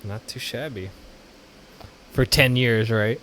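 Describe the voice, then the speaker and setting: A man's voice: mid-range voice, slow, a bit bright, a little hiss or hum. A man co-hosting a casual podcast, joking around, laughing and tripping over his words. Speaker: podcast co-host. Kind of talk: casual chat. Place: California.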